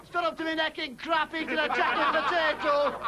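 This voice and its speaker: A male comedian doing an exasperated stand-up rant before a studio audience, shouting in bursts of outrage. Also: level tone, crowd noise, background noise. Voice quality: exasperated shouting, high strained voice. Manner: ranting, slow and emphatic, bursts of outrage. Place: television studio with live audience.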